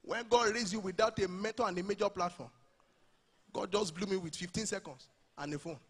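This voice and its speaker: A man with a Nigerian accent performing animated stand-up comedy live at a church event. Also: sits high, fairly quick, slightly rough. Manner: animated, mixing Pidgin and Yoruba.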